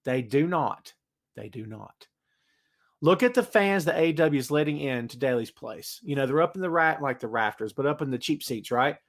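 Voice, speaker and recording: A slightly high-voiced man talks briskly with few pauses, hosting a solo wrestling podcast as a live stream. He rants energetically, hyping up predictions and reading chat comments aloud.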